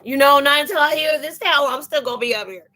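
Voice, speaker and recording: Chatty, animated woman giving spiritual advice. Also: high-pitched, fast. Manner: chatty and animated, laughing and acting out quoted exchanges; slangy, informal phrasing. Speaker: spiritual advisor hosting a live chat. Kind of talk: casual live-stream spiritual talk.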